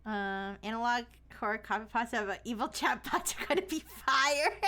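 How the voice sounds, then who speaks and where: A woman hosting a casual live stream, blunt and playful in her chat and quick to swear. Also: on the high side, bright, forceful tone. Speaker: streamer host.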